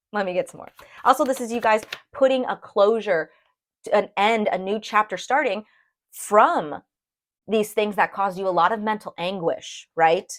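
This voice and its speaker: A woman giving a casual tarot reading to her viewers, chatty and animated, checking in with them often. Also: mid-range voice, normal speed. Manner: chatty and animated, addresses viewers as "you guys", frequent "okay?". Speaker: tarot reader.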